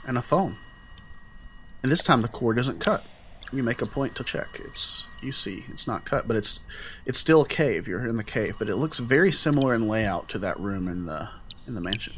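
A man's voice: medium pitch, animated, normal speed, fairly bright tone, a little hiss or hum. A man narrating as game master in a loose, rambling way with many fillers.

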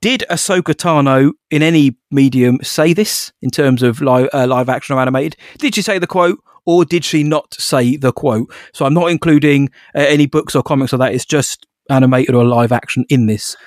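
A man's voice: medium pitch, normal speed, hardly any pauses, dry recording, studio quality. A man co-hosting a podcast and running a quiz game, playful and teasing, laughing often. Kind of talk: casual podcast chat.

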